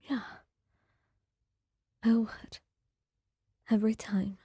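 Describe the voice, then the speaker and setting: A woman playing a dying partner whose voice is fading, faint and tender in a breathy whispered role-play. Slow and warm, recorded close and dry. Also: a little high, flat delivery, no room sound, exaggerated voice.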